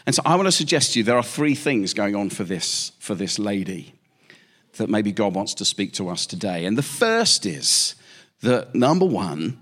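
Animated male preacher. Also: lowish voice, moderate pace. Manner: lively storytelling, emphatic repeated questions. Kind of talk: sermon.

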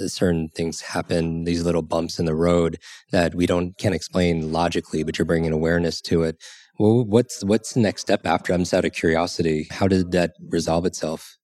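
Low-voiced male interview host. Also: a little mellow, dry recording, clean studio sound. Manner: thoughtful, hesitant questions. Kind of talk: interview questions.

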